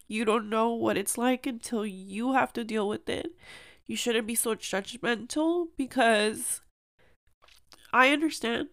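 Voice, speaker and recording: A woman's voice: a little high, measured pace, fairly bright tone. A young woman hosting a personal podcast, speaking earnestly and emotionally, with many "like"s and "um"s. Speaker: podcast host.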